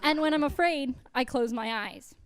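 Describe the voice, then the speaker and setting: A young woman comedian performing a self-deprecating stand-up set with a deadpan delivery on a college TV studio stage. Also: high-pitched, normal speed, dry recording.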